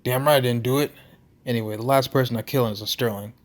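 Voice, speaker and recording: A man's voice: mid-range voice, steady tone, fast talker, natural voice. A man voicing a brash, defensive male barfly in a story game, talking in a blustering, slangy way. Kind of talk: reading a story game aloud.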